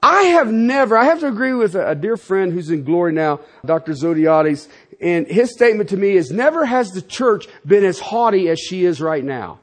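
A middle-aged man preaching a sermon as a pastor, emphatic, swinging between loud declarations and quiet asides. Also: high voice, lively intonation, normal speed.

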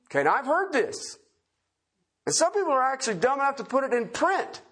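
Husky-voiced man preaching a folksy sermon. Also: extremely high pitch, sing-song, brisk. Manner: folksy, swings between loud emphatic and quiet asides with chuckles.

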